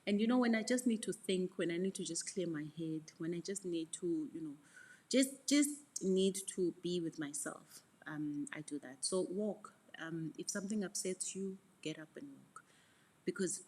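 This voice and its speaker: A middle-aged woman coaches her listeners in a frank, reflective motivational talk. Her voice sits low and slightly husky. She often repeats words and drops into soft asides. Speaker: mentorship coach.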